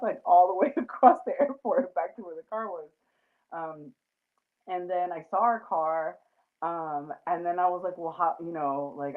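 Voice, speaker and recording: Woman host, low-ish voice, rambling fillers, phone-line sound. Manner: chatty, lots of fillers and laughter. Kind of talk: casual chat.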